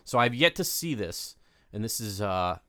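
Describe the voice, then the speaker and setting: A man's voice: fairly low pitch, big pitch swings, moderate pace, pushed and bright, no room sound. A man co-hosting a podcast, chatting casually and joking, with many fillers. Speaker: podcast co-host. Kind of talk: casual chat.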